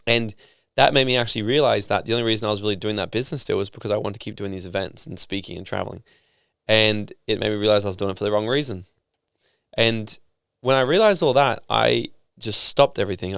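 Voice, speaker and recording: A young man chats on a podcast in a low, gravelly yet smooth voice. He tells his stories with energy, swears casually and acts out what other people said. He sits close to the mic in a dry, quiet room. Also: fast, no echo. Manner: animated storytelling, swearing casually, acting out quoted people. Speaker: podcast guest.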